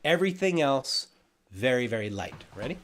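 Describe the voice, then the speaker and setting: A man teaching a ukulele lesson on a livestream, relaxed and encouraging, counting out beats as he explains. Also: medium pitch, normal speed. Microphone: livestream camera mic.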